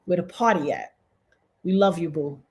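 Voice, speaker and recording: A woman's voice: on the low side, moderate pace, a little mellow, husky. A woman from the northern US hosting a casual livestream, affectionate and a little preachy as she thanks viewers in the chat. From northern United States. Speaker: livestream host.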